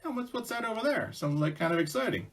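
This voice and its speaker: A man's voice: high voice, wildly swooping pitch, fast talker, vocal fry, voice pushed up, full character voice. A man voicing a sleepy, easygoing young male mouse who talks hesitantly with many fillers. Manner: hesitant, rambling, lots of fillers.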